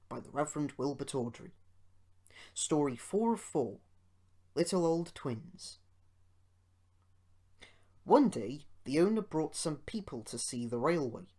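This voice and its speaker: Slow, expressive male storybook reader. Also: a little high. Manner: expressive, measured reading. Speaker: amateur audiobook reader. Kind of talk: storybook narration.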